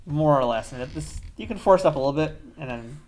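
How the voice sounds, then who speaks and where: A man's voice: fairly high pitch, animated, brisk, a little mellow. A man co-hosting a casual toy review, explaining features in an easygoing, plain way. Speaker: co-host of a toy review show.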